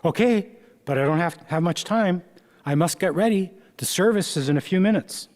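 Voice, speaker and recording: A man's voice: high-pitched, lively intonation, normal speed, a little mellow, in a large hall. A man reading a kindly older host. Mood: hurried.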